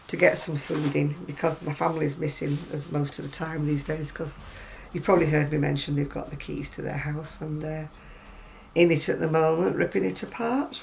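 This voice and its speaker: A woman's voice: low voice, gravelly, darkish tone, slight background noise, low-quality recording. A British woman chatting casually at home while showing crochet magazines, rambling with wry asides. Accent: British English. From Britain. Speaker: crochet vlogger.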